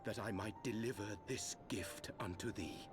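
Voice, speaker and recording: A man's voice: fairly low pitch, normal speed, natural voice. An actor playing a solemn male scholar who speaks in archaic, formal English in a game cutscene. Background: game music.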